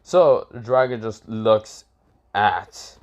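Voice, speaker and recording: A man's voice: fairly low pitch, slow. Rambling man telling a fan story. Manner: rambling, full of fillers and restarts, swears freely. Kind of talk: casual improvised fan-fiction narration.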